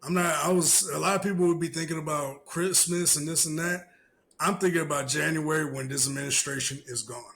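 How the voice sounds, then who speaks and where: A man's voice: a little high, brisk, fairly bright tone, rough recording. A man hosting a casual podcast, ranting in a heated, profane way and repeating himself. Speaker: podcast host.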